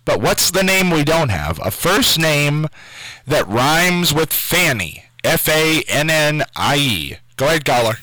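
A man's voice: on the high side, sing-song, measured pace, pushed and bright, no room sound, poor audio. A man hosting a call-in radio quiz show from a station studio, taking callers and spelling out names letter by letter.

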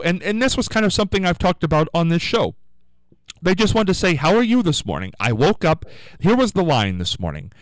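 Animated, chatty radio host man. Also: a little high, no room sound, low-quality recording. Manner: chatty, animated, rambling storytelling. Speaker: radio talk show host. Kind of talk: morning call-in radio monologue. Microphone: studio microphone.

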